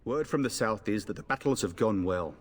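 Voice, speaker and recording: An actor playing a confident, teasing young noble son in a fantasy game. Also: male voice, fairly low pitch, expressive, a little fast. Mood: jaunty. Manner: jaunty, teasing, bold. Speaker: game character.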